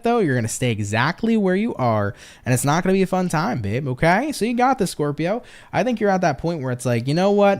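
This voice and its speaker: A man from the United States reading tarot on a casual live stream, upbeat and chatty, swearing freely and cheering viewers on while reading out their comments. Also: a little high. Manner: upbeat, swears freely, pep-talk catchphrases.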